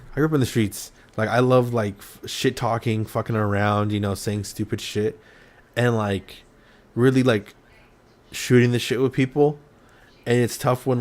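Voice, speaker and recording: A man hosting a loose, casual chat from his home, his voice sitting in an ordinary middle register. He swears freely, piles on fillers and restarts, and talks the way he would with friends. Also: medium pitch. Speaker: podcast host. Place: home room.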